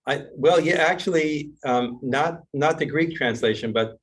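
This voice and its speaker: A man's voice: fairly high pitch, measured pace, breathy edge, far from the mic. Middle-aged rabbi guy lecturing, rambly and chatty, keeps saying right?. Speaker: rabbi teaching a class. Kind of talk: casual classroom lecture with jokes.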